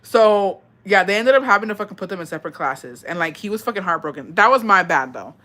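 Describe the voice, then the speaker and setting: A woman's voice: mid-range voice, quick pace, fairly bright tone. Profane gossipy woman telling stories. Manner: profane, gossipy, mixes in Spanish phrases. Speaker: storytime vlogger. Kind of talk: casual storytelling.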